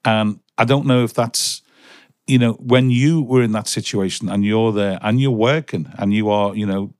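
A man's voice: lowish voice, fairly even intonation, moderate pace, no echo, studio quality. A man hosting a podcast, asking long questions with many restarts. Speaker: podcast host. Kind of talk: interview questions.

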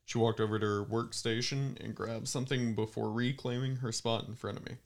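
A man's voice: mid-range voice, fairly even intonation, fairly quick, creaky, hardly any pauses, slight background noise. A man reading a creepy story aloud for a comedy podcast, stopping now and then to joke with friends. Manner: reads steadily, breaks off to joke with friends. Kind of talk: dramatic story reading with joking asides.

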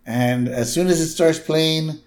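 A man's voice: a little high, a little slow. A man co-hosting a podcast, laid-back, chiming in with agreement while recapping a cartoon episode. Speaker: podcast co-host. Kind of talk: casual episode recap chat.

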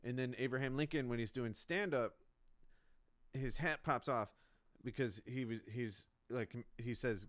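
A man's voice: medium pitch, measured pace, fairly bright tone, no echo, clean studio sound. A man, a comedian, rambling through a solo podcast monologue in a self-mocking way, with lots of restarts.

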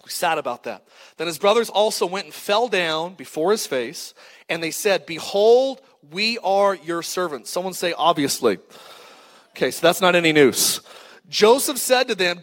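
A man with a notably high voice preaches from the pulpit. He reads scripture aloud and keeps asking the congregation to say words back. His voice carries a long reverb through a big church hall. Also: normal speed. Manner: lively preaching with call-and-response to the congregation. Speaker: pastor. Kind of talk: sermon. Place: church auditorium.

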